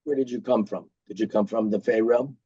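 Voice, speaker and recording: A man's voice: fairly low pitch, fairly even intonation, a little fast, warm tone, husky, no echo. A man playing in a tabletop game, eager and full of questions. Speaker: player. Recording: dull lo-fi audio.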